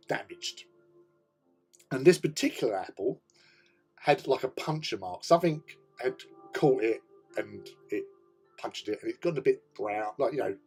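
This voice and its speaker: Husky-voiced British man telling a story. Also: mid-range voice, a little mellow. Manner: rambling, laughs often, swears casually. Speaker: hobby channel host. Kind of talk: casual storytelling chat.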